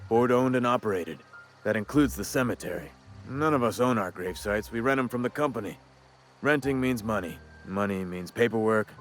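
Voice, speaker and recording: An actor playing a chatty, wry frontier gravedigger in a video game, talking in a folksy drawl with old-timey wording. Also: male voice, lowish voice, lightly acted. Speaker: game character.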